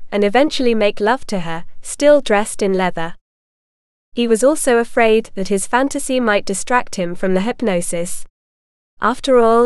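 A woman narrating a story in a steady, even reading manner. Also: fairly high pitch, clear, resonant tone, no room sound, studio quality.

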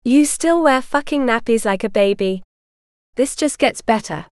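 A woman voicing a gruff, cruel middle-aged woman who talks down to people with a sneer. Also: fairly high pitch, animated, measured pace, no echo, studio quality.

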